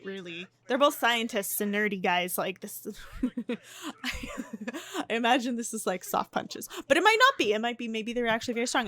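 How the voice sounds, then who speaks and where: A woman's voice: fairly high pitch, fairly bright tone. A young woman giving casual, chatty gameplay commentary, often restarting and gasping. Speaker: life-sim gameplay narrator. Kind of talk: casual let's-play commentary.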